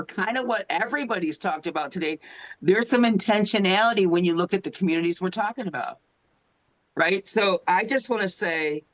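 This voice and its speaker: A woman's voice: medium pitch, poor audio. A middle-aged woman giving an impassioned talk as an advocate, earnest and emotional, often checking in with her listeners, speaking into a phone. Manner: earnest, emotional, keeps asking the audience "right?".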